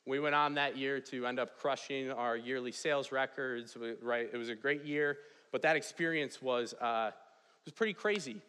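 A man's voice: medium pitch, moderate pace, sharp tone, clear, resonant tone. A young man giving a chapel talk, telling a story with energy and asking "right?" often. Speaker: chapel speaker, residence hall director. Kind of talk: storytelling sermon. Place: large chapel hall. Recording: long hall reverb.

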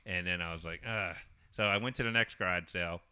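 A middle-aged man telling stories in casual chat, animated and swearing freely. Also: low-pitched, quick pace, clean tone. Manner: animated, swears freely, acts out quoted voices.

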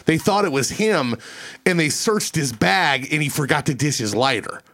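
A man's voice: a little high, moderate pace. A man hosting a studio podcast, telling a story casually, swearing freely and acting out the voices of the people in it. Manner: animated, profane, acts out quoted voices. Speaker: podcast host.

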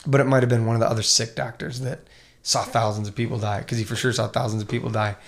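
A man talking casually as a podcast guest, animated and acting out quotes as he tells stories. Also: medium pitch, fast, creaky. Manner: animated storyteller, acts out quotes.

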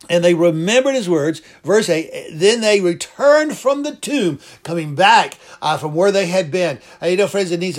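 A man preaching a sermon, fervent and emphatic, repeating phrases for emphasis. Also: fairly high pitch. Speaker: pastor.

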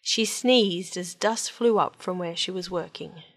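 Give me a woman storyteller reading a fairy tale, gentle and even. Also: on the low side, measured pace.

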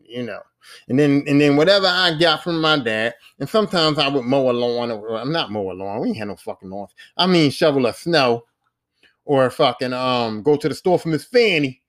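Animated high-pitched man telling stories. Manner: animated, profane, acts out voices in his stories. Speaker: podcast host. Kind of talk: casual storytelling.

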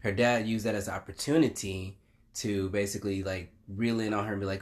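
A man's voice: on the low side, steady tone, fairly quick. A man, co-hosting a podcast in opinionated casual chat, swearing freely. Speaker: podcast co-host.

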